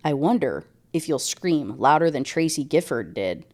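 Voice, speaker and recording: A woman voicing a vengeful, manipulative man who quietly taunts and threatens, in a lowered voice. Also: sing-song, normal speed. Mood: menacing.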